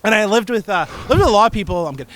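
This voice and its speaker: A man's voice: high voice, animated, racing, a little hiss or hum. A man co-hosting a casual podcast, rambling through a story and acting out what people said. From Canada. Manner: rambling storyteller, acts out quotes loudly. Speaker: podcast co-host. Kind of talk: casual chat.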